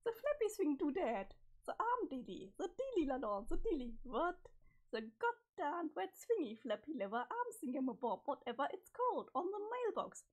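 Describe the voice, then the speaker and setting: Bubbly teen girl from a read-aloud comic, read by a woman; high, lively delivery. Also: moderate pace. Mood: excited. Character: excitable teen girl, eager gamer.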